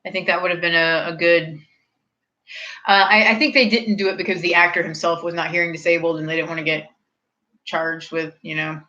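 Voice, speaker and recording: A woman in her thirties hosts a relaxed chat with her viewers, a little tipsy and prone to rambling tangents. Her voice sits fairly low but sounds bright and forceful. The audio is dull and lo-fi. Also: brisk. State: slightly tipsy. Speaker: streamer hosting a snack review.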